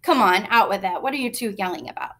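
A woman's voice: medium pitch, fast talker, fairly bright tone, close to an everyday voice. A woman voicing a tired, worried mother who speaks firmly but wearily. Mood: weary.

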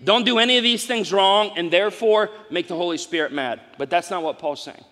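A middle-aged man preaching a live sermon as pastor, swinging from loud exclamations to soft asides. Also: high-pitched, a little fast. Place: large church hall. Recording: long hall reverb.

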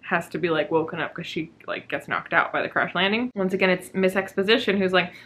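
A woman's voice: lowish voice, fast, fairly bright tone, a little hiss or hum. A woman talking casually to her camera at home about a book she is reading, sarcastic, swearing freely and laughing often. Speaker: book vlogger. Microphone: camera mic.

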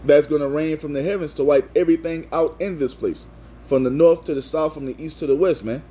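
A man preaching with a warm, mellow tone and a slightly husky edge. He is emphatic and insistent, reads scripture aloud, and keeps punctuating his points with "man" and "you see.". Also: fairly high pitch, brisk. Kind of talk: video sermon with scripture reading.

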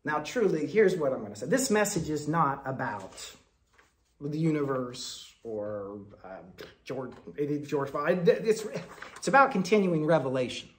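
A man delivering a Quaker sermon in a storytelling manner, moving between loud bursts and soft, low asides. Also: very animated, measured pace. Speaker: speaker at a Quaker meeting.

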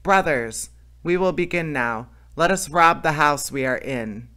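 A man's voice: fairly high pitch, lively intonation, a little slow, pushed and bright, clean tone, voice pushed up. A man reading a storybook aloud, voicing a fat, boisterous male bandit rallying his comrades in a raised voice. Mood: rousing.

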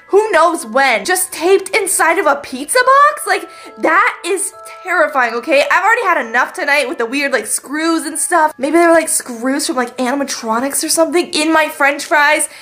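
A young woman vlogging a dramatic skit at home at night, talking excitably with lots of filler words. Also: extremely high pitch. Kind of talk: scripted skit vlog.

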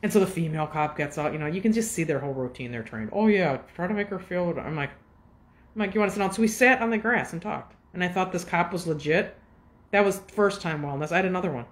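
A woman's voice: on the low side, lively intonation. Agitated woman in her fifties ranting. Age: 50s. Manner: agitated, profane storytelling with quick asides. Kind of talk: casual rant to camera.

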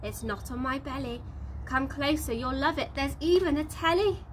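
A woman voicing a sly female dingo who talks in a slow, low, growling drawl. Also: slight background noise, natural voice.

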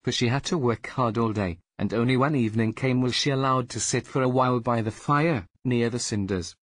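Guy reading a fairy tale out loud, husky voice, dry close sound. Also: mid-range voice, fairly quick, no room sound. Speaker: storyteller. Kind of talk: fairy tale read-aloud.

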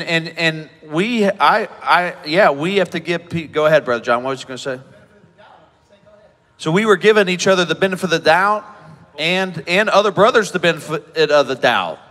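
A man's voice: fairly high pitch, bright, forceful tone. Man preaching in a reverberant hall. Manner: halting, repeats words and restarts, emotional. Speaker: preacher speaking at a conference. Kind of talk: emotional personal testimony from a stage.

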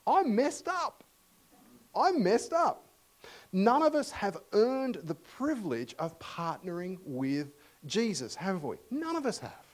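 Australian guy preaching, chatty, asks the room questions, gets loud then drops almost to a whisper. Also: on the high side, poor audio. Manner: animated, swings from loud emphasis to hushed near-whispers; conversational, asks the congregation questions. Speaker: visiting preacher. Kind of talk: sermon.

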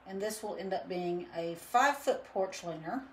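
A woman's voice: medium pitch, animated, moderate pace, a little hiss or hum. A woman chatting casually through a live painting demo, rambling with lots of fillers. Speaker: painting instructor and studio owner. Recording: roomy echo.

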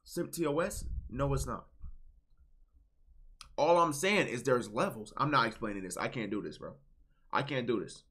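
A man streaming casual reaction commentary, blunt, swinging between low muttering and loud outbursts. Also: animated, moderate pace, pauses often, husky.

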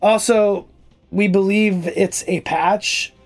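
A man's voice: high-pitched, fairly even intonation, slow. A man giving casual, profane gameplay commentary as a streamer, trash-talking and easily annoyed. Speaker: gaming streamer.

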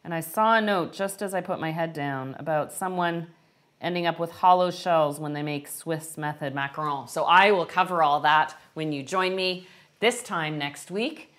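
A middle-aged woman hosting a live-stream baking lesson, chatting warmly and answering viewers' questions as she works. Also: deep voice, moderate pace. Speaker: baking instructor.

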